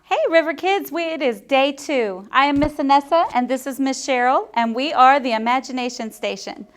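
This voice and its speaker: A woman loudly and cheerfully greeting children to start a kids' program segment. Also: high voice, moderate pace, background noise. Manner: loud, bubbly greeting to kids. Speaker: children's ministry volunteer.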